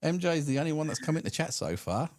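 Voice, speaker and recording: A man's voice: fairly high pitch, sing-song, fast, darkish tone, no echo, clean studio sound. A man co-hosting a live stream podcast, chatting casually and telling stories, sometimes mimicking radio hosts and callers. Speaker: podcast co-host. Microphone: studio mic through a mixer.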